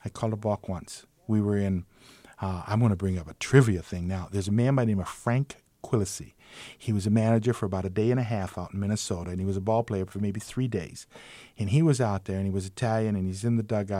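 An older man, a retired umpire, tells baseball stories in an interview with a lowish, warm voice at a quick pace and no echo. He acts out the people he quotes with big vocal jumps and pokes fun at himself along the way.

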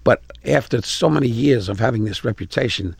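An older man in his eighties with a New York accent, a comedian telling brash stories in an interview and getting loud at the punchlines. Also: mid-range voice, a little fast, dry recording. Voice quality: gravelly. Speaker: comedian guest. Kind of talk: interview anecdotes.

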